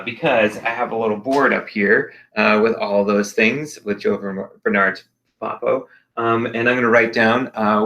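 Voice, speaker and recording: A young man teaching an expressive arts lesson in a chatty, upbeat way, with many ums and uhs. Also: fairly low pitch. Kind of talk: casual virtual lesson.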